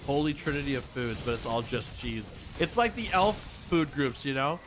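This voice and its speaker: With lively intonation and a medium pitch, this man talks at normal speed through a noisy background and game music. It's a casual game stream where he jokes with viewers, laughs often, and reads out their messages.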